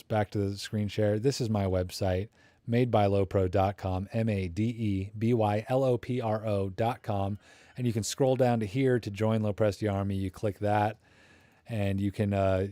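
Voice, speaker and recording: A man's voice: lowish voice, mellow, no echo. Tired, goofy man rambling on a live stream. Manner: goofy, rambling, self-promoting banter. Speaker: YouTube streamer. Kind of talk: casual live-stream chat. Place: small room at home.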